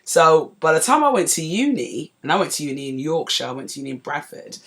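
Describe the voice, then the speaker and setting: A woman's voice: low-pitched, quick pace. Chatty London woman telling a story. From North London, England. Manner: lively anecdotal, chatty asides to listeners. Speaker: podcast host. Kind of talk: casual storytelling monologue.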